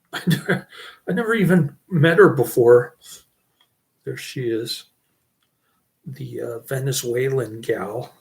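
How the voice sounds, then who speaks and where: A man's voice: medium pitch, takes it slowly, gravelly, long pauses. A middle-aged man giving a casual, rambling channel update, often breaking into chuckles. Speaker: channel host.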